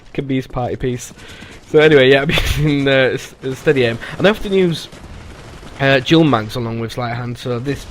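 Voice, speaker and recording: A man talks loosely over his gameplay footage, trailing off and restarting as he goes. His voice sits at an ordinary middle pitch. Loud game gunfire and explosions run under the commentary the whole time. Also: slight background noise. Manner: rambling, halting, with frequent "uh" and restarts.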